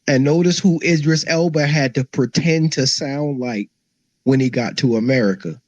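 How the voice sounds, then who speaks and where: A man's voice: mid-range voice, normal speed, darkish tone, dry recording. A man arguing in a heated live audio-room debate, mocking the others. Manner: argumentative, mocking. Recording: dull dry lo-fi audio.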